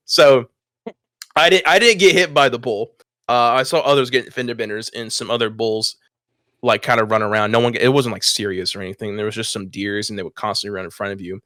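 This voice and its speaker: Here the young podcast co-host talks a little fast, his voice fairly low, with a dry studio-quality sound. His storytelling is animated and casual, full of swearing, and he breaks into laughter partway through.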